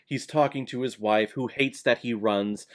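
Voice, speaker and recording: A man's voice: medium pitch, fairly even intonation, normal speed. A man giving a casual vlog movie review in a sarcastic, blunt and exasperated way.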